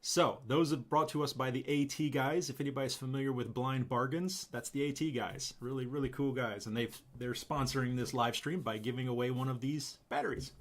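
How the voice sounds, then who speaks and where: A male host chatting on a live stream in a relaxed, easygoing way. His voice sits at an ordinary middle pitch, and he laughs often as he talks. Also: brisk, few pauses. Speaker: channel host. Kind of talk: casual live-stream chat.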